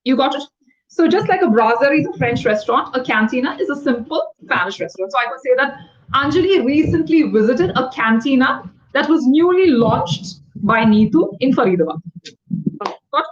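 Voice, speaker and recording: A woman tutoring English over a video call, explaining words quickly and patiently. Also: sits high, big pitch swings, muffled recording. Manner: fast-talking, explanatory, patient. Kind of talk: one-on-one online English lesson.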